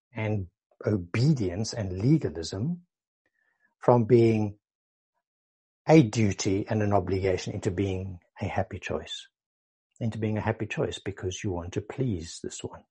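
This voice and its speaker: An earnest male preacher delivering a sermon, his voice mellow and a little husky. He explains patiently and repeats key phrases to drive each point home. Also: lowish voice.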